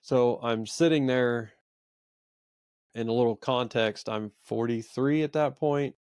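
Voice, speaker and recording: A man's voice: medium pitch, measured pace, a little mellow, clear, resonant tone, no room sound, studio quality. A man in his forties co-hosting a faith podcast, telling a personal story in a rambling, earnest, self-reflective way. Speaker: podcast co-host. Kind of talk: casual storytelling chat.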